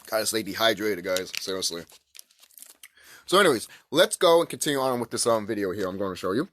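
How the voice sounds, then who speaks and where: A man's voice: on the low side, very animated, brisk, a bit bright, slight background noise. A man ranting to camera in a rambling, profane, emphatic way about spiritual ideas. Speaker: vlogger. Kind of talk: casual spiritual rant to camera.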